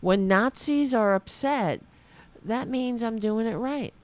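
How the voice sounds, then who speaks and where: Slow-talking sarcastic woman host. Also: a little high, a little mellow. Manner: sarcastic, mocking, reading out comments in mimicking voices. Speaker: political commentary show host. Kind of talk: casual political commentary monologue.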